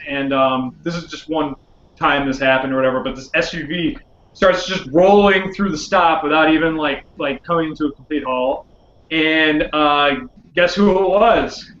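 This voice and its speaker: A young man co-hosting a podcast in a casual chat, halting and full of fillers, with dry jokes. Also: a little high, a bit bright. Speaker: podcast co-host. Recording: echoey room, dull lo-fi sound, faint hiss.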